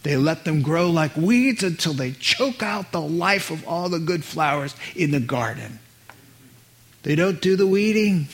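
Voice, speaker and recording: Earnest, slow-speaking male preacher. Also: on the high side, lively intonation, a bit bright. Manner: earnest, emphatic, acts out Bible scenes. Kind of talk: sermon.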